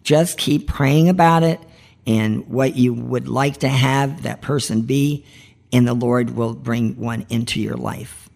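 A woman's voice: rumbling low, slow, gravelly, darkish tone. A woman hosting a marriage ministry podcast, giving heartfelt devotional teaching in an earnest, pleading way.

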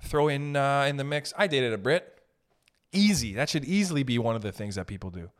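A young man doing a casual comedic monologue, rambling and joking with swerving pitch and pace. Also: lively intonation, fairly quick. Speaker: comedian host.

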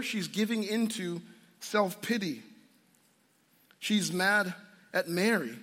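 A man's voice: sits high, pushed and bright, in a large hall. A male pastor preaching a sermon in an earnest, storytelling way, often restarting his sentences.

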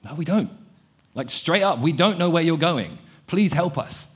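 A man's voice: a little high, lively intonation, moderate pace, breathy edge, pitched above the performer's own voice. A man doing a frantic disciple, pleading. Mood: desperate pleading. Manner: pleading, desperate, repeating himself.

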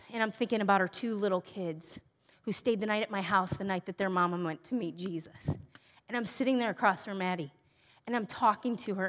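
A middle-aged woman speaking at a women's church event, telling personal stories earnestly and moving between bright emphasis and hushed, tender softness. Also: medium pitch. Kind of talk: personal teaching talk. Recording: long reverb of a large hall.

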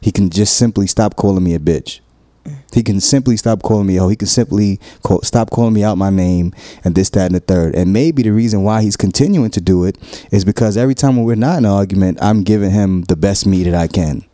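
A man's voice: on the low side, brisk, dark tone, no echo. A man talking casually about relationships and explaining his view earnestly and at length. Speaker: podcast co-host.

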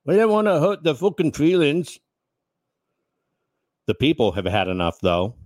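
A male commentator rants with heavy sarcasm and frequent swearing. His voice sits fairly high and sounds dry and close to the mic. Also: big pitch swings, a little slow, a little mellow, dry recording. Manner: sarcastic, profane. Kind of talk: angry political commentary.

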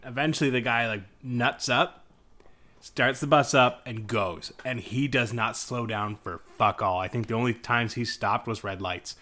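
A man co-hosts a casual chat podcast, bright and forceful in tone. He tells stories with animated energy, swears often, and slips into mock-angry outbursts. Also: mid-range voice, normal speed. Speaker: podcast co-host.

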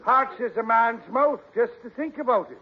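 A man's voice: very high voice, moderate pace, slightly rough. An actor playing a thirsty male beat cop with a who drops sly, drawling hints, in 1940s radio sitcom acting. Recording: dull 1940s radio broadcast.

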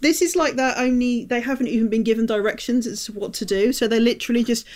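A woman's voice: fairly high pitch, fast talker, hardly any pauses, darkish tone. A woman co-hosting a casual film-review podcast, wry and joking, slipping into silly mocking voices. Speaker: podcast co-host.

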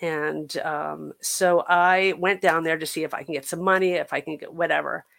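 An American woman, a podcast guest, telling a personal recovery story in an earnest, halting way, with frequent restarts. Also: sits low, fairly even intonation, vocal fry, a bit bright.

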